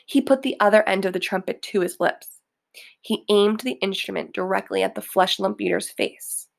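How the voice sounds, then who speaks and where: A woman reading a children's book aloud slowly and deliberately. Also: medium pitch, vocal fry. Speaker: reader.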